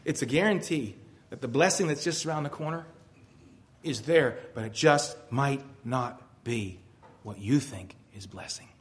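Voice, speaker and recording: A man's voice: medium pitch, a little slow. A middle-aged man preaching a sermon, reading a poem aloud with rising, emphatic delivery. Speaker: pastor.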